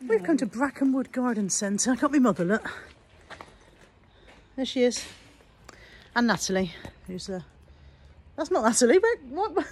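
A woman's voice: fairly high pitch, expressive, moderate pace, long pauses, slight background noise. A middle-aged woman, chatting casually and mocking herself as she talks to the camera in a vlog. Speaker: vlogger.

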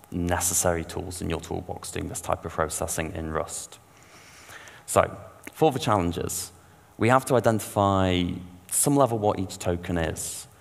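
Deep-voiced man giving a conference talk. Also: creaky. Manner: casual, informal explanations with slang asides. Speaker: conference speaker. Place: conference hall. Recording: long reverb of a large hall.

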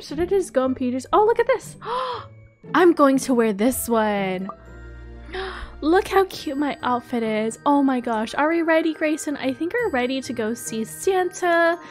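A young woman giving bubbly, excitable role-play game commentary, gasping often. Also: high-pitched, unhurried, faint music behind. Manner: bubbly and excitable, frequent gasps. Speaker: gaming YouTuber.

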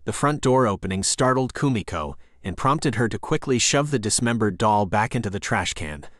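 Low guy reading a creepy story, calm and measured, dead dry sound. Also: dry recording. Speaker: narrator. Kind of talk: scripted horror story narration.

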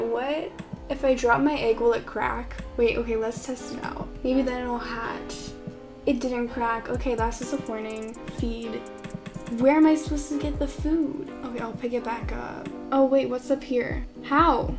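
A woman's voice: a little high, steady tone, normal speed. A young woman giving casual, confused, exclamation-filled commentary while playing a game for the first time. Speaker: gaming YouTuber. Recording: clear background music under voice. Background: background music.

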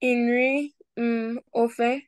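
A woman student answering haltingly in class. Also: a little high, flat delivery, clear, resonant tone, no room sound, studio quality.

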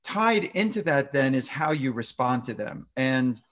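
A man, a pediatrician guest, explaining parenting advice in a lively way and acting out example conversations. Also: medium pitch, a little slow. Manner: lively, acts out example dialogue in exaggerated voices.

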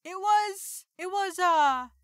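A woman's voice: very high voice, takes it slowly, dry recording, studio quality, voice pushed up. A woman voicing a sly female tiefling in disguise, faking a sick voice. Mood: evasive. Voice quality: feigned sick voice.

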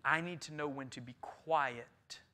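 A man preaching a sermon as pastor, rising to loud emphatic passages and dropping to quiet, earnest talk. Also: a little high, measured pace. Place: church sanctuary.

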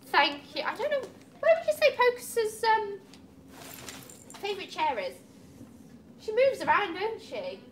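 A cat cafe staff member opens gifts, chatting casually and cooing at the cats. Her voice is extremely high and very animated, a little slow with frequent pauses, and there's slight background noise.

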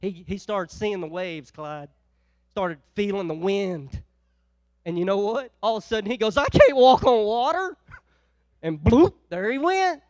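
A male pastor preaching a sermon, telling a folksy story and swinging from loud exhortation to quiet, chatty asides. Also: high voice, lively intonation, a little slow, no room sound. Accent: Northeast Ohio.

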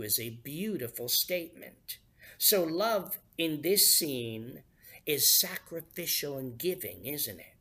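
A man's voice: a little high, pushed and bright. A man preaching a sermon in a somewhat raised voice. He takes his time and draws out the key words for emphasis, reading scripture and then explaining it plainly. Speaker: pastor.

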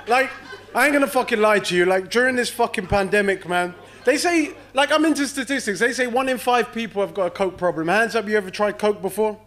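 Brash high-voiced comedian. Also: male voice, a bit bright. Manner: brash, profane, crowd-teasing. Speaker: stand-up comedian. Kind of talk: stand-up comedy set. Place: comedy club stage.

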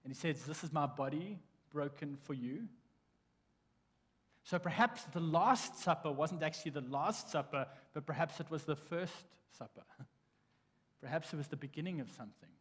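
A man's voice: a little high, normal speed, breathy edge. Man preaching in a reverberant church. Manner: animated storytelling with restarts. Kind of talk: sermon. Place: church sanctuary. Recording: long church hall reverb.

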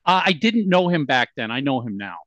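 A man's voice: mid-range voice, very animated, a little fast, a bit bright, dry recording. A male podcast co-host reminiscing with enthusiasm in casual chat. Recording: dull dry lo-fi sound.

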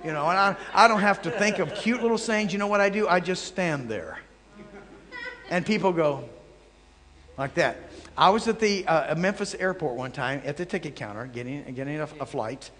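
A man's voice: fairly high pitch, normal speed. Storytelling male preacher in a reverberant hall. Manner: animated anecdotes, jokey asides to the audience. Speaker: traveling Bible teacher. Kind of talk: storytelling sermon. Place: large hall before a live audience.

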